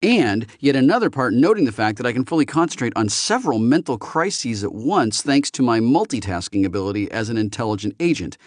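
A man voicing a wry, quick eighteen-year-old. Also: medium pitch, very animated, dry recording, clean studio sound, voice pushed up. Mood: musing. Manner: sardonic, brisk, inquisitive.

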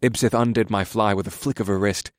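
A man narrating an erotic story in the first person, in a steady, subdued reading voice. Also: fairly low pitch, fairly quick, no room sound, clean studio sound.

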